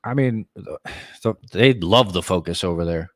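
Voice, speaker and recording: Opinionated podcast co-host, man, lower voice, dry close mic, casual. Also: normal speed, dry recording. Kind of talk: casual chat.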